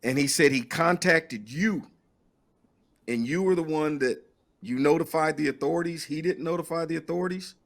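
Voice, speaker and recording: A man's voice: a little high, normal speed, gravelly. A man hosting a podcast, asking his guest questions in a conversational interview and often restarting his sentences. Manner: probing questioner with frequent restarts. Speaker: podcast host.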